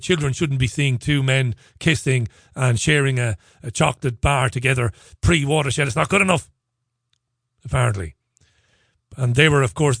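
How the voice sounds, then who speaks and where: A man's voice: medium pitch, a bit bright, no echo, clean studio sound. A man hosting a radio show, talking in a chatty, sarcastic, jokey way between stories and listener tweets. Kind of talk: opinionated radio monologue.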